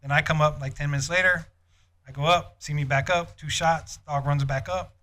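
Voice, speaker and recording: Guy telling old cop stories on a podcast, kinda high bright voice, laughs a lot, does the voices. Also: moderate pace. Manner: lively anecdote-telling with frequent laughter; acts out quoted dialogue. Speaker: podcast guest, police officer. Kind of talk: casual storytelling podcast.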